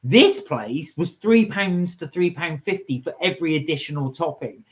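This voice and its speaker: A middle-aged man co-hosting a vlog, explaining things in a relaxed, matter-of-fact way. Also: on the high side, moderate pace. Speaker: vlog co-host. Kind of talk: casual chat. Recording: slightly dull lo-fi audio.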